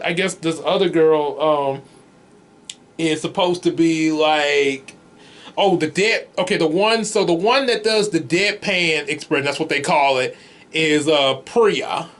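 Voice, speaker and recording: A man with a high, light voice talks through a film review in an easy, rambling way, breaking into chuckles and circling back on his words. It sounds like relaxed, unscripted chat for his video channel. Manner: rambling, chuckles often, many restarts. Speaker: comics vlogger reviewing a movie. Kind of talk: casual movie review chat.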